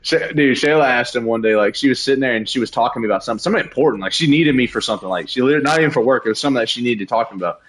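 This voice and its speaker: Young male streamer, quick-talking and profane, casual venting chat. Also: medium pitch. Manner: profane, animated venting about a coworker. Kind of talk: casual chat while gaming.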